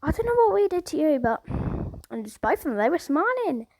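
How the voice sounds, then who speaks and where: A woman's voice: high voice, big pitch swings, brisk, a little mellow, no echo, low-quality recording. A woman casually telling a rambling story, peppered with "like" and "obviously".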